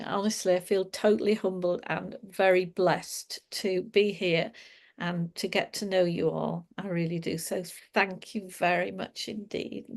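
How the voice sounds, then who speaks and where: A woman who is a guest author, speaking warmly and effusively on a group video call. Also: medium pitch. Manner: warm and effusive, gushing thanks. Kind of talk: casual thanks on a group call.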